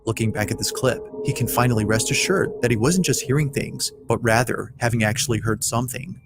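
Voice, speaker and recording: Man narrating spooky clips, steady. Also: mid-range voice. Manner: steady, measured storytelling. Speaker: narrator of a scary video compilation. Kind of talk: scripted narration. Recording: faint music underneath.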